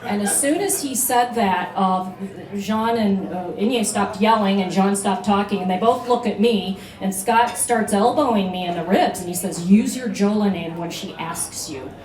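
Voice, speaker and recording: Woman, mid-pitched, telling a personal story onstage in a chatty, halting way; echoey room. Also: a little mellow. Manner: conversational, many fillers and restarts. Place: live venue, beach bar room.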